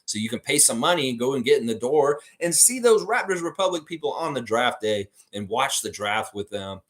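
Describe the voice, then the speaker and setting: A man's voice: medium pitch, a little fast. A man from Canada, hosting a fan livestream, chatting casually and bluntly with heavy swearing while reading viewer comments. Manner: animated, blunt and profane. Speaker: host of a basketball fan livestream. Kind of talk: casual live-stream chat reading comments.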